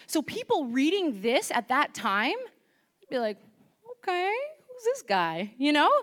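A woman preaching a chatty, animated sermon, asking the congregation questions into a microphone. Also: high-pitched.

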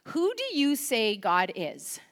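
A woman preaching a chatty, animated sermon, asking the congregation questions into a microphone. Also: fairly high pitch, takes it slowly.

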